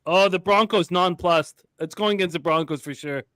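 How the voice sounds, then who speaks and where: A man's voice: high-pitched, moderate pace, fairly bright tone, no echo, studio quality. A man co-hosting a casual live sports betting stream, joking, swearing and laughing often. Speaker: podcast co-host.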